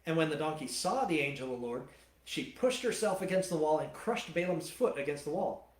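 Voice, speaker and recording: A male pastor teaching from the Bible and telling the story in an animated, colloquial way. His voice sits a touch high for a man. The sound is roomy, with church hall echo. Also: a little fast.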